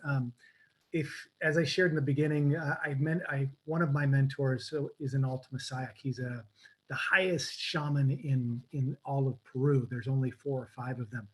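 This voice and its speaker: A man on a video call telling a personal story in a live webinar, animated and dropping to a whisper for quoted lines. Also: medium pitch, husky, rough recording. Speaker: guest coach.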